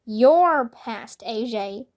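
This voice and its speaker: A woman voicing the calm, teasing ghost of a bald male school principal in a children's storybook read-aloud. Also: a little high, extremely slow. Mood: coaxing.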